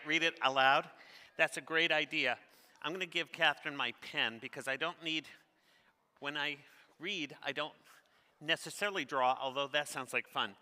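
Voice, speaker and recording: A man's voice: a little high, pushed and bright. A middle-aged man, a children's author, reads his picture book aloud in an interactive session, cheerfully asking the audience questions and urging them on. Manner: upbeat, encouraging, asks the audience questions. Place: large theater stage. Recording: long reverb of a theater hall.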